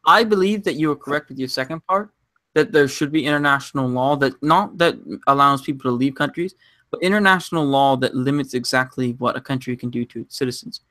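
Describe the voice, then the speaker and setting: A man's voice: medium pitch, a little fast, sharp tone, no room sound, clean studio sound. A man arguing his point emphatically in a casual debate on a live stream. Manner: argumentative, emphatic.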